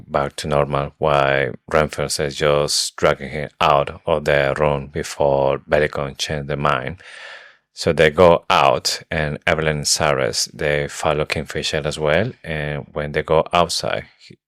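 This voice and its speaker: Very deep-voiced man, casual book chat. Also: fairly bright tone, no echo, studio quality. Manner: retells the plot with hesitations and fillers. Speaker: podcast co-host.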